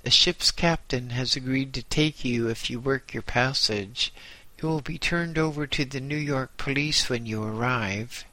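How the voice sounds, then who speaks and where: A stony-faced guard, read by a man hands down orders in a flat, official manner. His voice has a bright, forceful edge and a slow pace. It sounds dry and close. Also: medium pitch, dry recording, low-quality recording. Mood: stern. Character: stern stony-faced prison guard, male.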